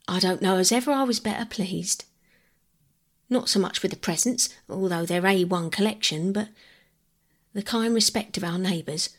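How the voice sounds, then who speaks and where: A proud, gruff older workman with blunt, rustic speech, as a woman puts him on for a storybook. The voice stays breathy and soft underneath. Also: medium pitch, normal speed, natural voice. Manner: blunt, dialect-heavy speech. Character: proud, gruff working-class man, older.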